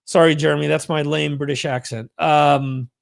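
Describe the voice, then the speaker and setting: A man's voice: on the high side, steady tone, normal speed, gravelly. A man hosting a livestream, talking in a chatty, rambling, profane way. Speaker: livestream host. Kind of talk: casual livestream monologue.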